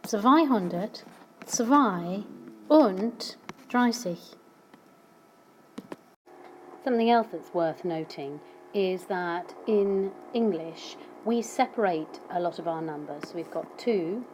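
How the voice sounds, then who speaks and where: A woman narrates a language lesson at an unhurried, deliberate pace, pausing to let learners keep up. She speaks patiently and sounds each number out clearly. A faint noise sits under the recording. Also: lowish voice, mellow, poor audio. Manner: patient, spells numbers out slowly. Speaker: language teacher. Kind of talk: slow explanatory lesson narration.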